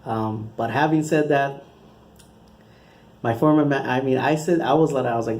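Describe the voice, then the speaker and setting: A man's voice: medium pitch, normal speed, pauses often, darkish tone. A man hosting his own channel, talking through his football predictions in a casual, rambling way with frequent restarts. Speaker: channel host giving football picks.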